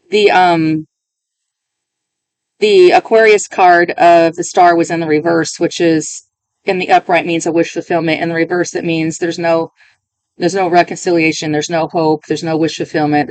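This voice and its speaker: A woman's voice: low-pitched, darkish tone, no echo. Woman giving an intuitive tarot reading. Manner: emotional, musing, self-interrupting. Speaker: tarot reader.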